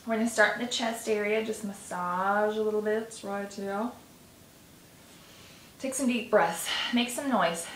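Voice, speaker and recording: A woman leads a tapping exercise in a gentle, coaching voice, taking her time. She sighs audibly between phrases. Her voice rings in an echoey room over faint background noise. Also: medium pitch, unhurried. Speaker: tapping guide. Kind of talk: guided tapping session.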